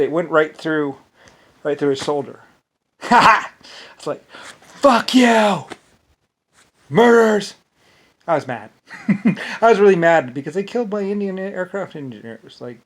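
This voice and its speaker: A man talking in a rambling, repetitive monologue, breaking into short laughs. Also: on the high side. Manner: rambling and repetitive, stacking restarts.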